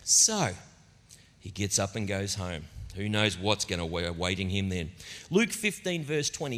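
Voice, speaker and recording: A middle-aged man preaching a sermon as a pastor, telling stories in an animated, conversational way. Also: low voice, normal speed. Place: church auditorium. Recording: long reverb of a church hall.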